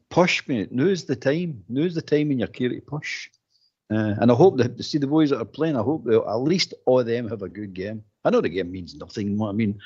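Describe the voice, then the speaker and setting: A Scottish man co-hosting a casual football phone-in, talking in an animated way with repeated words. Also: mid-range voice, breathy edge. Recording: dull lo-fi phone-in audio.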